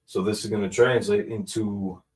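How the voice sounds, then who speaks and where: A man's voice: lowish voice, fairly even intonation, a little mellow. A man casually explaining grammar as a teacher, thinking aloud and correcting himself as he goes. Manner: slow, thinking aloud, with fillers and self-corrections. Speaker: Hebrew language teacher. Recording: echoey room, distant from the mic.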